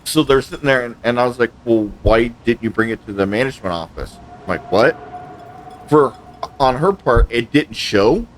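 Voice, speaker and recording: A gaming channel host chats casually while he plays, his mid-range voice moving at a moderate pace with lively intonation. He tells a long complaint story, acting out both sides of the conversations he quotes, over a little hiss or hum.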